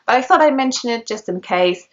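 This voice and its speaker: A woman's voice: a little high, expressive, brisk. A woman with a British English accent giving a scripted pronunciation lesson, carefully enunciating each example word. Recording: dull lo-fi clip played back.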